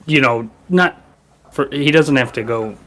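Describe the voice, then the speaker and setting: A man's voice: medium pitch, fairly bright tone. A man playing in a tabletop game, thinking aloud as he decides what his character does. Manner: slow, deliberating, thinking aloud. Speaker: player. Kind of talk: casual tabletop play.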